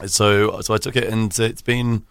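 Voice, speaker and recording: A man chats as a guest on a talk show, joking easily and restarting his sentences as he goes. His voice sits fairly low and sounds smooth and resonant. The sound is dry and close. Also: level tone, a little slow, a bit bright, no room sound. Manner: chatty, joking, restarts often. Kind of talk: casual chat.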